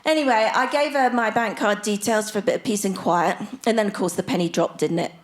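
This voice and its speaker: A woman's voice: medium pitch, a little fast. A woman of sixty, performing a chatty, self-mocking stand-up set and bantering with the crowd. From Australia. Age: 60s. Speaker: stand-up comedian. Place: theatre stage before a live audience.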